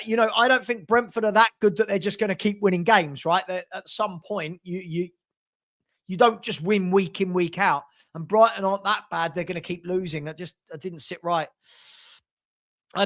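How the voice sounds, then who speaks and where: Here the same sort of host sounds high-pitched and a little bright: a middle-aged man from South London, London accent, running a relaxed football chat on a live stream while he reads scores and viewer comments aloud.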